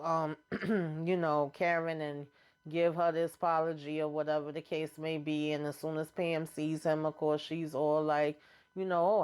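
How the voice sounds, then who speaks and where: Lady w a low smooth voice chatting thru a show recap, quoting everybody's lines. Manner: retells scenes in quoted dialogue, slangy and chatty. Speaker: TV episode recapper, channel host. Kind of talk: casual episode recap.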